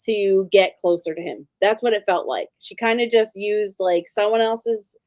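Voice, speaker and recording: A woman co-hosting a podcast in a casual recap chat, emphatic and quick to laugh. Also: medium pitch, a little mellow, no room sound. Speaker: podcast co-host.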